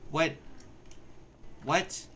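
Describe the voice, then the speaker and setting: A man's voice: drawn-out words, fairly bright tone, slight background noise. A man streaming a life-sim game, talking to the characters in casual commentary and getting exasperated and profane with them.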